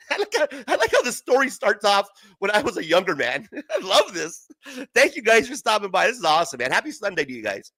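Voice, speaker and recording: A man's voice: high-pitched, very animated, brisk, sharp tone, no echo. A young man hosting a casual livestream from home, rambling through stories with heavy profanity and frequent laughter. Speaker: livestream host.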